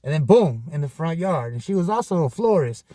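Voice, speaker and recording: A man with a high voice telling a story on his podcast. His casual monologue is full of profane, animated street slang, and the sound is dry and close with no room echo. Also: fairly quick. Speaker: podcast host.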